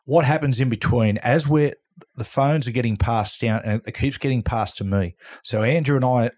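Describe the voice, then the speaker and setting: Here a middle-aged Australian man, once a rugby league player, guests on a podcast and tells a story in an easygoing, animated way, performing other people's lines. His voice is medium-pitched at a moderate pace.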